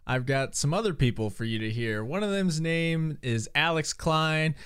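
A man's voice: a little high, expressive, moderate pace, fairly bright tone, clear, resonant tone. A man in his twenties hosting a podcast in casual chat, rambling and making self-mocking jokes. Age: 20s. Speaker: podcast host.

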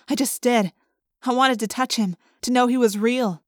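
A woman narrating an audiobook in the first person, vivid and expressive. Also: a little high, normal speed, dry recording, clean studio sound.

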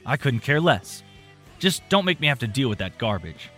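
A man's voice: medium pitch, very animated, brisk, sharp tone, soft background music. A man voicing an irritable, dismissive male store clerk in a storybook reading. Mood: irritated. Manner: gruff, dismissive.

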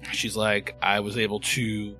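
Low bright-toned man running a game. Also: measured pace, soft background music. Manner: relaxed, rambling, many fillers. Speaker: game master. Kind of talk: narrating a tabletop horror game.

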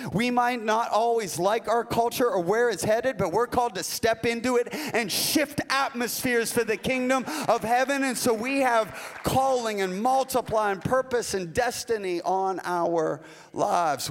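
A male pastor delivering a folksy, animated sermon, acting out little asides as he goes. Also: sits high. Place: church sanctuary. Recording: long reverb of a large hall.

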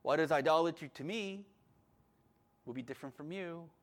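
A man preaching a sermon with passion, at times loud, at times calm. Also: a little high, normal speed. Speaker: pastor.

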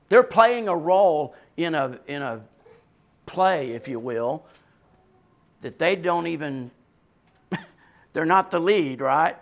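High-pitched preacher guy, voice carries, goes hushed then loud. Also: lively intonation, slow pace, creaky, long pauses. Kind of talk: sermon.

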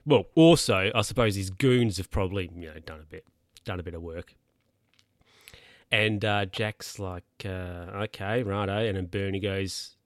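A man's voice: low-pitched, normal speed, no echo, clean studio sound. A man casually retelling a comedy episode, putting on voices for each character and laughing along. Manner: animated storytelling, acts out characters' lines in voices.

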